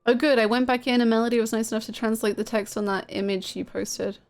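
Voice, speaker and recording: Gushing woman streamer, fairly high. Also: level tone, quick pace, a little mellow, soft background music. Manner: chatty and gushing, swears freely, laughs often. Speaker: game streamer. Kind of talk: casual live-stream chat with viewers.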